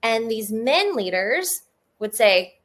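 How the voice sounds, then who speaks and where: A woman guest in a casual interview, talking in an earnest, emotional way and telling personal stories in a fast flow with many fillers. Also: a little high, very animated, fairly bright tone.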